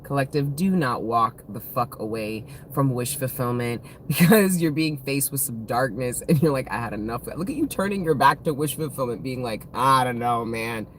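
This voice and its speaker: A woman in her thirties reads tarot live for her viewers, laughing often and swearing freely. She talks with open emotion and a playful edge. A clear background hiss sits under her voice. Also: rumbling low, lively intonation, normal speed, few pauses. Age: 30s. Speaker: tarot reader. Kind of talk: casual live-stream tarot reading.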